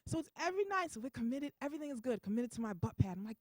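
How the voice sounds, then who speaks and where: Fast-talking woman doing stand-up. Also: high voice, no echo. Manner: quick, animated storytelling. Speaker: stand-up comedian. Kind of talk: stand-up comedy.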